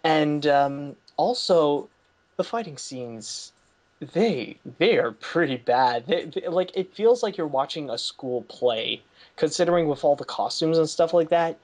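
A man's voice: a little high, expressive, unhurried, a little mellow. A man hosting a podcast, chatting casually about a film and rambling with lots of "like" fillers and restarts. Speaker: podcast host. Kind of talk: casual movie review chat.

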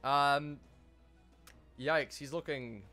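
Bright-voiced male game master, joking. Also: fairly high pitch, drawn-out words, faint music behind. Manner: loose, joking narration with many fillers. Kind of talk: narrating a tabletop game.

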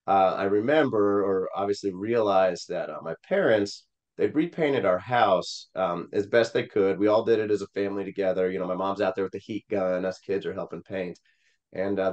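Low-voiced man telling a personal story. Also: a little mellow, muffled recording. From Missouri. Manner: rambling with many fillers, quoting voices. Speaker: Senate candidate.

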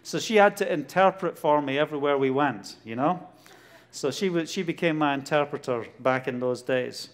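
Man, Glasgow Scottish accent, middle-aged, slightly high voice, animated storyteller, preaching testimony. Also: moderate pace. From Scotland. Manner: animated storytelling, laughs often, acts out dialogue. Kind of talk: testimony sermon.

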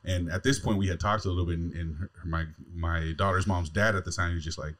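Fast-talking deep-voiced man telling a story. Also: steady tone, a bit bright. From California. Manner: swears freely, laughs through his story. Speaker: podcast host. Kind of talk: casual chat, storytelling.

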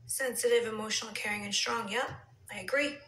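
A woman chatting casually on a live stream, reading comments, drifting into soft whispers and heated rants. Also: on the high side, fairly even intonation, brisk, reverberant, rough recording. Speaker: reality TV personality on a live stream. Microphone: phone.

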